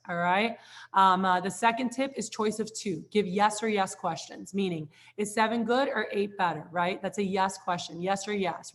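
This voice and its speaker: A woman's voice: mid-range voice, fairly bright tone. Woman, sales trainer, casual and upbeat, chatty delivery with frequent check-ins. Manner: upbeat, chatty, lots of "like" and "all right?".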